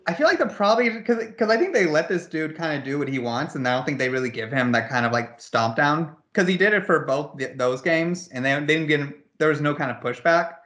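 A slightly high-voiced man co-hosts a casual gaming chat. He rants in an animated, exasperated way, and his pitch jumps up as he gets worked up. He fills the gaps with "like" over and over. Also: fairly quick, hardly any pauses. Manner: animated, exasperated ranting, lots of "like". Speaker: podcast co-host.

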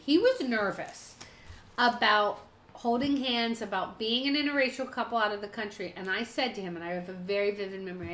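A woman co-hosting a casual chat, emotional and talking fast in bursts. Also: medium pitch, fairly bright tone. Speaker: podcast co-host. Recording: echoey room.

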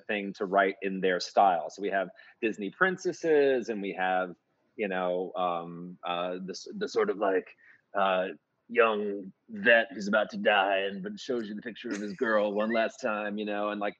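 A man's voice: on the low side, normal speed, a bit bright, dry recording, dull audio. A man who writes musical theater, chatting in an interview and rambling through many restarts and fillers. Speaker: musical theater composer and lyricist. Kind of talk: casual interview chat.

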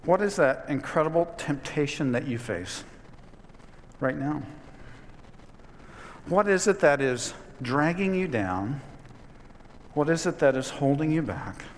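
High-voiced man preaching a sermon. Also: lively intonation, unhurried, long pauses, a little hiss or hum. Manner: storytelling, conversational with rising emphasis. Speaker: pastor. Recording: long hall reverb.

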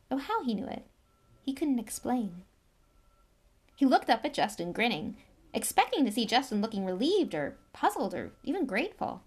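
A woman reading a novel aloud with lively, expressive storytelling. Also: medium pitch, breathy edge. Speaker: reader.

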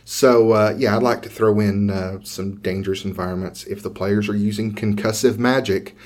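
A man from Georgia co-hosting a tabletop gaming podcast, chatting casually with jokes and halting restarts. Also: fairly low pitch, steady tone, darkish tone. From Georgia, USA. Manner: joking, self-deprecating, halting with restarts. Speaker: podcast co-host. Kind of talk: casual chat.

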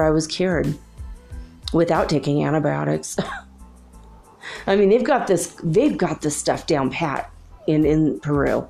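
Middle-aged woman, rambling spiritual vlogger, mellow and slightly low voice, faint music behind. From Minnesota. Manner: rambling, chatty, laughs often. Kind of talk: casual spiritual musing.

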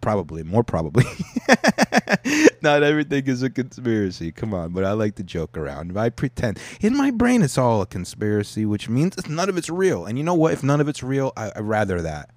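A man's voice: lowish voice, sing-song, fast, few pauses, a little mellow, no echo. A young man hosting a podcast, rambling and joking with profanity. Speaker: podcast host. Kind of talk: casual rambling podcast talk.

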